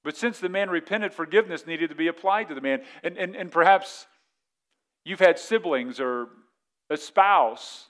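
A man's voice: a little high, lively intonation, moderate pace, fairly bright tone. A man preaching as a pastor in a conversational way, often repeating words and asking the congregation questions. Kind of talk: sermon.

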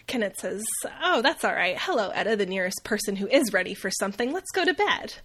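A woman hosting a casual comedic book recap, wry and quick to laugh, tossing off quick voices for the characters. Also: mid-range voice. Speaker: podcast host recapping a novel.

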